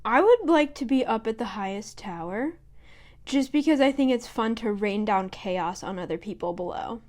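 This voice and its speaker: A woman's voice: a little high, animated, normal speed, a little mellow. Blunt, slangy young woman co-host. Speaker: podcast co-host. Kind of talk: casual chat.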